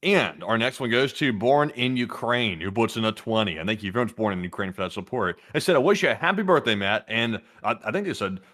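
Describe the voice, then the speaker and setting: A man's voice: lowish voice, expressive, a little fast, few pauses, a bit bright. A man in his twenties co-hosting a live stream, reading out donor names and messages in a friendly way and sometimes stumbling over words. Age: 20s. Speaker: co-host reading donations.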